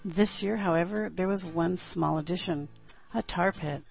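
A woman's voice: lowish voice, moderate pace, vocal fry, soft background music. Woman podcaster reading a short story. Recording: dull lo-fi podcast audio.

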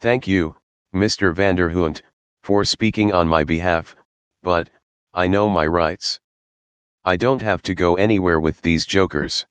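A man's voice: low voice, clear, resonant tone, dry recording, natural voice. A man voicing a defiant young character insisting on his rights, in a stubborn tone within a read story.

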